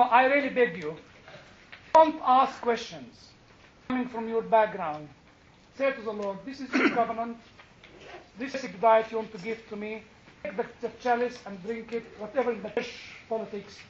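A man's voice: extremely high pitch, fairly bright tone, a little hiss or hum. A male pastor preaching a chatty, humorous storytelling sermon and addressing his listeners directly. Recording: dull lo-fi recording.

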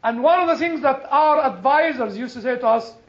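A man, a chaplain, giving an earnest sermon and telling personal stories, leaning hard on some words and letting quieter phrases trail off. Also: very high voice, fairly quick. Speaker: chaplain and preacher. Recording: dull lo-fi recording.

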